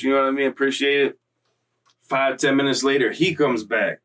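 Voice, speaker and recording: A man's voice: medium pitch, a little fast, distant mic. Slangy man telling prison stories. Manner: slangy, profane, animated. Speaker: vlog host. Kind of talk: casual storytelling.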